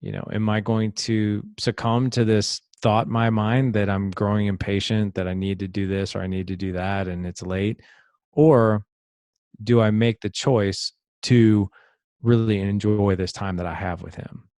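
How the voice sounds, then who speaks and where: A man's voice: on the low side, little pitch movement, measured pace, a little mellow, dry recording, studio quality. A middle-aged man, a podcast guest, telling a personal story in an earnest, reflective way and sometimes repeating words as he thinks. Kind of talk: conversational storytelling.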